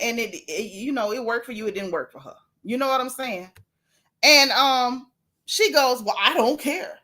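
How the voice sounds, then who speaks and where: A woman delivers casual gossip commentary straight to her viewers. She is sassy and animated, and she often talks right at the people she is mocking. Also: sits high. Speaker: gossip vlogger.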